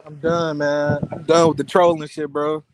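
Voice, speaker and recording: A man on a livestream panel telling long trash-talking stories, profane and animated, mimicking other people's voices as he goes. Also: a little high, normal speed, a little hiss or hum, rough recording.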